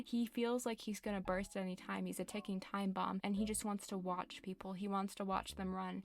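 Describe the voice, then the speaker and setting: A young woman vlogger doing a comedic, dramatically exaggerated rant with deadpan hyperbole. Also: medium pitch. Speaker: gaming YouTuber.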